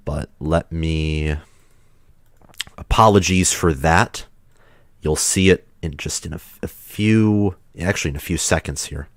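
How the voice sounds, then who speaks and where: A man's voice: rumbling low, dry recording, studio quality. A man hosting a livestream while sick, chatting in a rambling, casual way with loose restarts. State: sick, under the weather. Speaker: livestream host.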